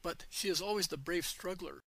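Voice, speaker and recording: A man narrating a religious story in a slow, measured reading. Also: high voice, vocal fry, bright, forceful tone, slightly rough, no echo, low-quality recording.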